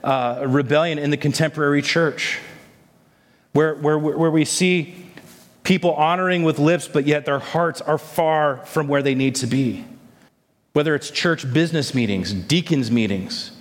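A man's voice: on the high side, unhurried. Preaching man in a reverberant hall. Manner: preaching with rhetorical questions and "amen?" asides. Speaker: pastor. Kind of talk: sermon.

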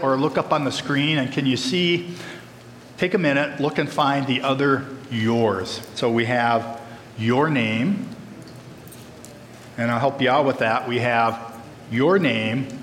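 A man's voice: medium pitch, a bit bright, slight background noise. A man preaching a sermon, talking earnestly and emphatically and speaking directly to the congregation. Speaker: pastor. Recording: echoey hall, faint ambience.

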